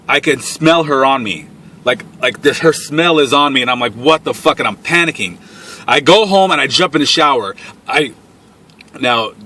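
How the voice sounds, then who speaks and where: A man's voice: medium pitch, bright, forceful tone. Foul-mouthed young man telling a story. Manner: profane, blunt storytelling. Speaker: vlogger. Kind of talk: casual storytime.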